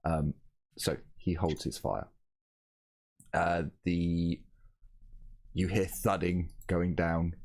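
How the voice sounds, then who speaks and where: A man with a very low, deep voice runs a tabletop game over a voice call. He talks casually, stops and starts, and keeps correcting himself as he narrates. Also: little pitch movement, a little mellow. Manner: casual, halting, with frequent ums and self-corrections. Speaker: game master.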